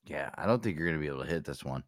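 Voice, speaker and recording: A man's voice: very deep voice, lively intonation, racing, dry recording, studio quality. A man hosting a casual live talk show, joking, swearing and slipping into a mock radio DJ patter. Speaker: host.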